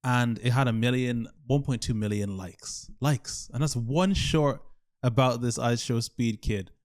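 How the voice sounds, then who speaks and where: A young man in his mid-twenties muses out loud on his own, circling back and questioning himself as he goes. His voice sits at an everyday middle pitch, and he talks in a loose, unscripted vlog manner. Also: measured pace. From Ireland. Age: 20s. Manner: rambling, thinking aloud, self-questioning. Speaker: YouTuber. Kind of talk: solo reflective talk over gameplay.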